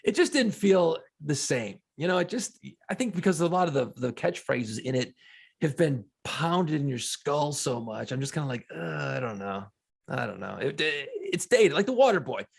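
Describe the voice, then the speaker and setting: A man's voice: a little high, lively intonation, normal speed, slightly rough. A man co-hosting a podcast in casual chat, profane and joking, quoting his own reactions. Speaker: podcast co-host.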